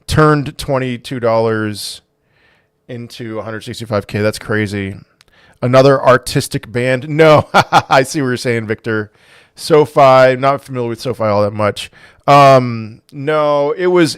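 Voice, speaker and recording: A young man hosting a casual livestream, reading chat aloud and answering with dry sarcasm and halting restarts. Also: medium pitch, clear, resonant tone, no echo. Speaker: livestream host.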